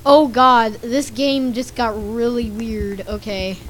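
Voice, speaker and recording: A woman's voice: a little high, fairly even intonation, slow pace. A woman with a scratchy voice giving chatty, amused let's-play commentary as she plays a game. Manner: chatty, amused, talks to other players. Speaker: gaming channel host.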